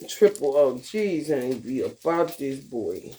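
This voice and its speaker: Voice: mid-range voice, animated, takes it slowly, few pauses, dark tone, a little hiss or hum. A vlogger talking in a loose, profane monologue, laughing often and calling listeners honey and baby. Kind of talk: casual monologue.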